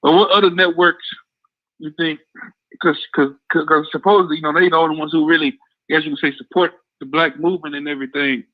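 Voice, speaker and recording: Male caller, fast and rambling, slightly high voice, lo-fi phone sound. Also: steady tone. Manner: rambling, blunt, repeats himself. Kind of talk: casual call-in talk. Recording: dull lo-fi phone line.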